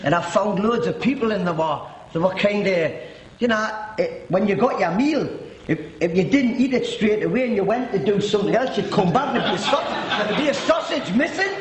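A man's voice: high voice, a little fast. A middle-aged man from Newcastle with a Geordie accent, telling his personal testimony in a chatty, joking way with many restarts. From Newcastle, England. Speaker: guest giving a testimony. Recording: roomy echo.

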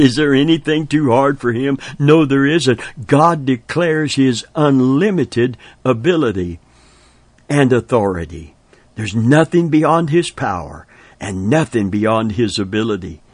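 A man preaching a sermon, slow and emphatic, breaking in with exclamations of praise. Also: mid-range voice, dry recording.

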